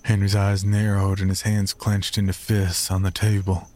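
A man giving a measured, reflective first-person narration. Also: sits low, monotone, darkish tone.

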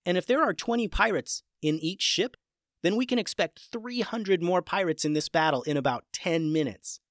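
A storyteller voicing a young crew member who briskly reports to the captain in a storybook. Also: medium pitch, dry recording, clean studio sound, pitched above the performer's own voice, natural voice. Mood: urgent. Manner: matter-of-fact reporting. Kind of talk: storybook character voice.

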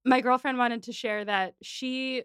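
A woman's voice: a little high, measured pace, clean tone, no room sound, studio quality. A woman hosting a podcast, chatting casually about a TV adaptation and acting out quoted lines. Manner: animated, acts out quoted lines. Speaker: podcast host.

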